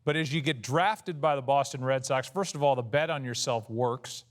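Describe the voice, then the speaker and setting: A man's voice: medium pitch, normal speed. A man hosting an interview, recapping his guest's career and asking questions in a conversational way. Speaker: interviewer, host.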